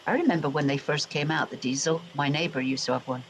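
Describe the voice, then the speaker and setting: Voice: medium pitch, quick pace, a little hiss or hum, rough recording. Chatty English-born livestreamer. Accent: English, Americanized. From England, Royal Berkshire. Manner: rambling, chatty, addressing viewers directly. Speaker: livestream host. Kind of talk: casual livestream chat.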